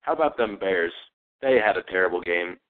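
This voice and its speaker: A man who makes Let's Play videos is interviewed in a casual online chat, his low voice expressive and fairly quick. He's playful, joking and easily distracted, and the call audio sounds tinny, like a phone.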